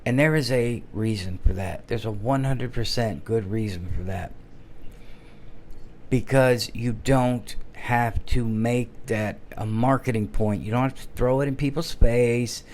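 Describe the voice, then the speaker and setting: Heated man ranting, slowing for emphasis. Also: medium pitch, darkish tone, slight background noise. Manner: heated, emphatic, slows to stress words. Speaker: commentary channel host. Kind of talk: casual opinion rant.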